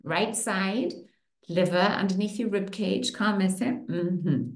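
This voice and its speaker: A woman leading a guided affirmation exercise online, stretching out affirmations slowly with playful asides. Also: mid-range voice, roomy sound. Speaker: workshop leader.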